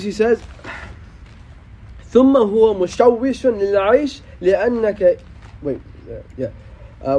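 A man giving a casual, slangy religious talk, animated and quick to quote Arabic scripture. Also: high voice, dull audio, a little hiss or hum.

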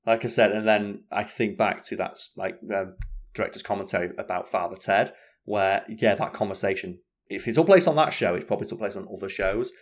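A man chatting casually as a podcast co-host, telling stories in an animated, sweary way. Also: on the low side, a little fast. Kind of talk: casual chat.

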